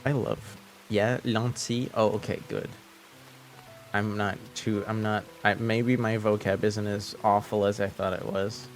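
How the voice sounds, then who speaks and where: A young man with a French Canadian accent talks casually to his stream viewers at a slow, unhurried pace. His speech is soft and halting, full of restarts. Faint music plays underneath. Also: lowish voice, level tone. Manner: hesitant, many restarts, soft-spoken. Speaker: livestream host. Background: faint background music.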